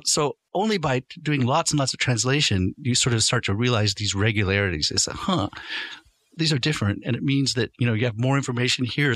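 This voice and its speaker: A man's voice: mid-range voice, fairly bright tone. A man, a guest professor, explaining points in an interview and acting out example sentences as he goes. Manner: lecturing, acts out example sentences.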